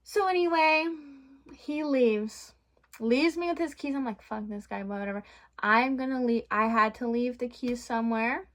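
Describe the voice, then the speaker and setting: A young woman vlogger telling a storytime rant in a blunt, profane, animated way. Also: high voice, a little slow.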